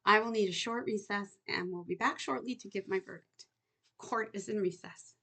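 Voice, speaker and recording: A woman reading aloud, voicing a merciful male judge who speaks formally and deliberately. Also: mid-range voice, sharp tone, slightly rough. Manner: formal, measured.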